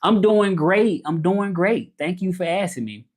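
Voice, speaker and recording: A man's voice: high voice, animated, a little slow. A man with a Southern US accent hosts a casual livestream. His talk is loose and rambling. He answers viewers' comments as they come in. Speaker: livestream host and interpreter.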